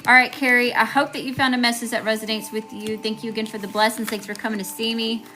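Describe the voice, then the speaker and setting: Bright-voiced chatty woman tarot reader. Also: a little high, flat delivery, quick pace, faint music behind. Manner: chatty, greets viewers, keeps asking "okay?". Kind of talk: live tarot reading stream.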